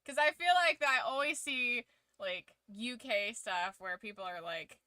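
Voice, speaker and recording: A woman's voice: on the high side, expressive, unhurried, sharp tone, no echo. A woman streamer chatting casually to her viewers, laughing often and swearing freely. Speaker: streamer hosting a watch-along. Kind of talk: casual chat.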